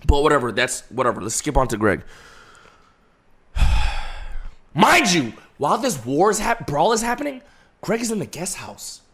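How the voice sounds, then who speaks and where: A young man telling a long story to his chat in a casual, profane way, swinging from hushed to laughing. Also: a little high, very animated, moderate pace, long pauses, breathy edge.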